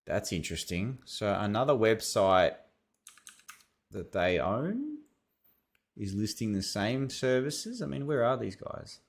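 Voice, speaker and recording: An Australian-accented SEO consultant reviews websites in a casual screen-share, thinking aloud and rambling. His voice is on the low side, sing-song, and slow.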